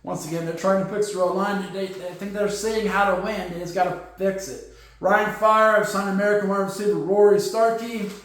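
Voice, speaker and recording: A man hosting a football podcast, running through league news in quick bursts with lots of fillers and punchy asides. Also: high voice, steady tone, a bit bright. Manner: rapid-fire, filler-heavy, punchy asides. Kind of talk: sports news rundown. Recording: very echoey room.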